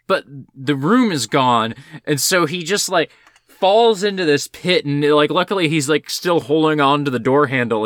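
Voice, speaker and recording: Bright-voiced man chatting about films. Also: fairly high pitch, dry recording. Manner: rambling, excited, many fillers. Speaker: podcast co-host. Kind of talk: casual film discussion.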